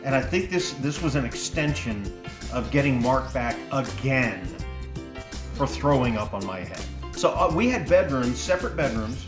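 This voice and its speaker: Animated man telling funny stories. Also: mid-range voice, normal speed. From Texas. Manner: animated, laughing, acting out moments. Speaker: storyteller. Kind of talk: comic personal storytelling. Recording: roomy sound with faint music.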